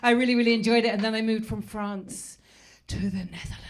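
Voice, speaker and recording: A woman's voice: on the high side, steady tone, fairly quick, very noisy. An English woman performing stand-up comedy, chatty and self-mocking, talking with the crowd from a club stage. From England.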